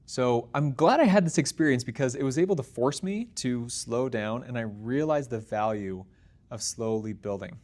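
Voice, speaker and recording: An earnest young man hosts his own show and talks straight to the camera. His voice sits at an ordinary middle pitch for a man, and he keeps an upbeat, encouraging tone as he talks to his viewers. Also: moderate pace, a little mellow. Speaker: podcast host. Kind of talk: casual solo talk to camera.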